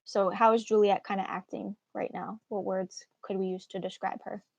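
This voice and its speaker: A woman's voice: medium pitch, flat delivery, moderate pace, vocal fry, a little mellow, no room sound. A woman teaching a live online literature class in a casual, encouraging way, with frequent fillers. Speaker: English teacher.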